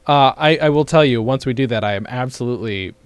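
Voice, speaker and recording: A man's voice: medium pitch, fast talker, clear, resonant tone, no echo. A man co-hosting a podcast in casual, enthusiastic chat, talking into a studio mic. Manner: enthusiastic, exclamatory. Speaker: podcast co-host. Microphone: studio microphone.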